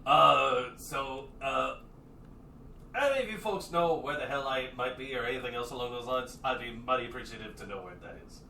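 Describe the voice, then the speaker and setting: A man voicing a brash, carefree young drifter who loves to party, loud and excitable. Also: mid-range voice, normal speed, gravelly, reverberant, a little hiss or hum. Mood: cocky, easygoing. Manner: loud, excitable, talks over himself.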